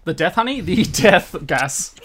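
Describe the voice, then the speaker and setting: A man narrating as game master of a tabletop game, relaxed and often laughing. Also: high-pitched, unhurried, slight background noise.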